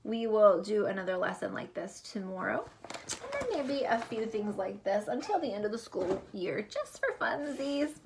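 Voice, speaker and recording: A woman teacher recording a distance-learning lesson for young students, deliberate and encouraging with gentle teasing. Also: medium pitch, big pitch swings, creaky, background noise.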